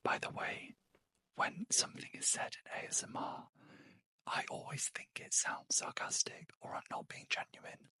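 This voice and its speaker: A British woman doing a whispered ASMR unboxing as a beauty vlogger, hushed and slow with wry asides. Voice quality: soft unvoiced whisper.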